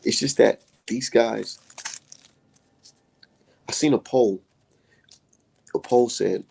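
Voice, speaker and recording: A man hosting a live stream, ranting heatedly with lots of profanity and sudden jumps in pitch. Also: slow pace, creaky, pauses often, a little mellow, slight background noise.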